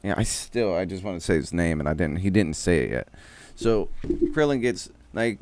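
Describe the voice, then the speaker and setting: A man's voice: low voice, lively intonation, normal speed, darkish tone, dry recording. A man streamer recapping a show casually, rambling in slang with heavy swearing.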